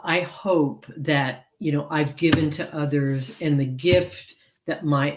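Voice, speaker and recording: A woman's voice: rumbling low, darkish tone, slight background noise. A woman author and counselor speaking as an interview guest over a video call, earnest and rambling with many fillers. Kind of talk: casual interview chat.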